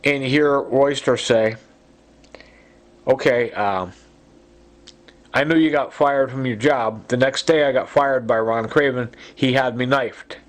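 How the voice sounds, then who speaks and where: A man's voice: mid-range voice, measured pace, pauses often. A man in an urgent, rambling monologue, accusing people and stacking fillers and asides as he talks. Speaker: self-recorded complainant. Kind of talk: agitated monologue.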